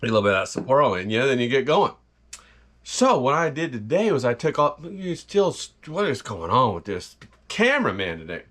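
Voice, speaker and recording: A man's voice: mid-range voice, sing-song, normal speed, fairly bright tone. A man hosting a casual cooking vlog from his home kitchen, talking in a rowdy, folksy, profane ramble with asides to the viewer and his cameraman. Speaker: home cook host.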